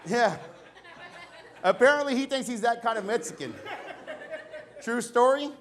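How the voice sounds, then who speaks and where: A man's voice: very high-pitched, lively intonation, unhurried, fairly bright tone, some chatter behind. A middle-aged man doing a conversational, self-deprecating stand-up comedy set before a live audience. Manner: conversational, self-deprecating, acts out dialogue in raised voices.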